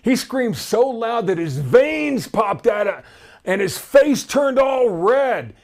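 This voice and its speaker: A man's voice: very high-pitched, big pitch swings, slow. A man giving conversational, storytelling Bible teaching and reading scripture aloud.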